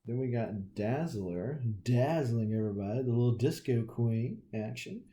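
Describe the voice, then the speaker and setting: A man's voice: mid-range voice, expressive, moderate pace, mellow. A man with a Southern US accent, casually showing his comic collection with folksy, joking asides. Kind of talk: casual show-and-tell.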